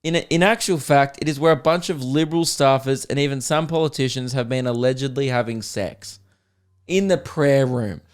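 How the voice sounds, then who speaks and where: A young Australian man hosting a comedy podcast, ranting in a profane, animated way and laughing often. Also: mid-range voice, brisk, few pauses, clear, resonant tone. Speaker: podcast host.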